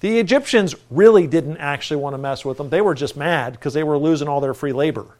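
A man's voice: on the high side, a little fast, darkish tone. A middle-aged male pastor preaching a folksy, conversational sermon with self-deprecating asides.

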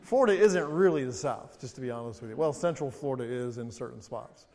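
A man's voice: medium pitch, fast talker, darkish tone. A man preaching a sermon as pastor, reading scripture aloud with rising emphasis and breaking into chatty, humorous asides. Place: church sanctuary. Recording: reverberant church hall.

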